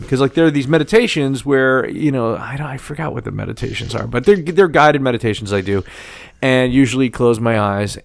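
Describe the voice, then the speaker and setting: A man's voice: mid-range voice, gravelly, no echo. A middle-aged man telling a long, rambling story in casual chat, swearing and restarting often as a podcast co-host.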